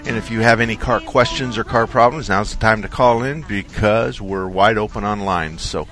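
A man hosting a call-in radio show about cars, telling a long story in a relaxed, rambling way. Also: fairly low pitch, moderate pace, over music. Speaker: radio car-advice show host. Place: radio studio.

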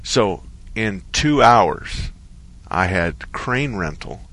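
A man hosting a call-in radio show about cars, telling a long story in a relaxed, rambling way. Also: fairly low pitch, very slow. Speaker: radio car-advice show host. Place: radio studio.

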